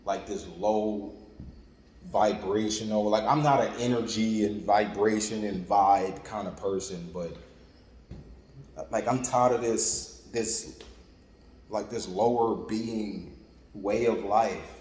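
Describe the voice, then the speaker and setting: Lower-voiced man preaching in an echoey room. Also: steady tone, slow, darkish tone, a little hiss or hum. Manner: conversational, repetitive, with frequent "like" and "you know what I'm saying". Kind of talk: informal sermon. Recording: echoey room with long reverb and faint ambience.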